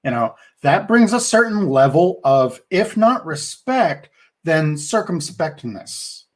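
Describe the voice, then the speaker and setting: A man's voice: on the high side, big pitch swings, takes it slowly. A middle-aged man co-hosting a podcast, talking things through in a thoughtful, rambling way with restarts. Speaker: podcast co-host. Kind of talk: casual podcast discussion.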